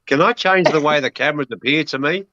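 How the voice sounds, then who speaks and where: A man's voice: a little high, fast, bright, forceful tone, no echo. A man chatting on a group video call, blunt and reminiscing. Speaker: livestream guest. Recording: dry slightly dull call audio.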